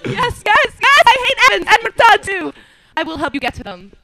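Cowardly treacherous convict, pleading, frantic, high lively voice, 1940s radio drama. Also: male voice, fairly quick, vocal fry, very noisy, full character voice.

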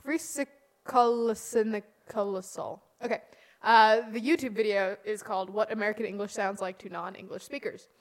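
A woman's voice: medium pitch, steady tone, fairly quick. Middle-aged woman, co-host, light casual banter with frequent laughs. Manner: giggly, joking. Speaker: co-host, mother. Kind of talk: casual chat.

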